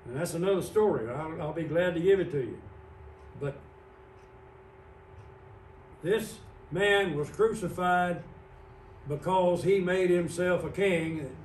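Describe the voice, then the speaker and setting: Male pastor, slightly high voice, unhurried Bible teaching, picked up from a distance in a church. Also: slight background noise. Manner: explains slowly, pointing out words on a screen. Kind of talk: evening sermon with Bible teaching. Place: church sanctuary. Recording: roomy church sound from a distant mic.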